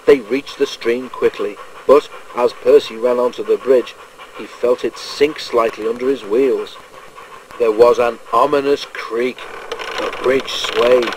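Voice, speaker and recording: A man reading a children's railway storybook aloud in a measured, gentle storytelling manner. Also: mid-range voice, fairly even intonation, slight background noise, rough recording. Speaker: narrator.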